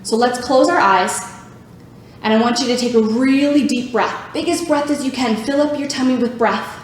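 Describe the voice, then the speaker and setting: Upbeat female yoga instructor for kids, high voice, very roomy echoey sound. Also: moderate pace, slight background noise. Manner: upbeat, encouraging, makes animal sounds. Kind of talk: guided kids' yoga class. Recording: very echoey room.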